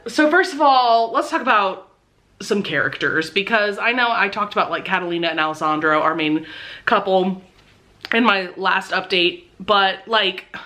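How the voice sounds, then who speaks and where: A young woman vlogging casually about a book she loves, gushing and excitable, swearing freely. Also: medium pitch. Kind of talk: casual reading vlog.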